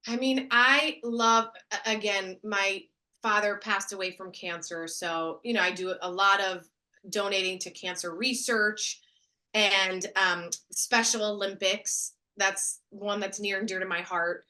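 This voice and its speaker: Bright, lively woman on a video call. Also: medium pitch, a little slow. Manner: enthusiastic, expressive. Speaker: guest, actress and speaker. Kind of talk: casual interview.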